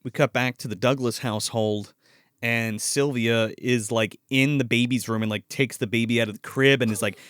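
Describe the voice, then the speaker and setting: A man's voice: mid-range voice, moderate pace, smooth, no echo, studio quality. A man hosting a casual movie review podcast, swearing freely and acting out scenes as he retells them. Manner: animated, profane, retells scenes with voices. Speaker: podcast host.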